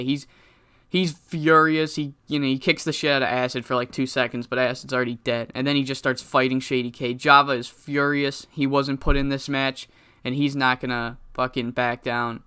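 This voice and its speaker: A man's voice: medium pitch, bright, forceful tone, clean tone. A man giving casual video game commentary, rambling, cursing freely and correcting himself as he goes. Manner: rambling, profane, self-correcting.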